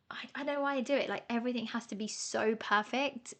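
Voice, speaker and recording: A woman's voice: fairly high pitch, fairly even intonation, brisk, a bit bright. Chatty woman podcaster. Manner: chatty, self-mocking, laughs often. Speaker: podcast host. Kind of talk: casual solo podcast talk.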